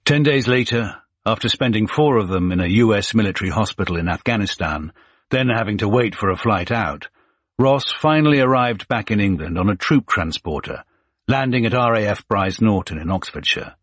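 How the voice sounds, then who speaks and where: Low husky male audiobook narrator. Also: expressive, fairly bright tone, no echo, clean studio sound. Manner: measured, suspenseful pacing.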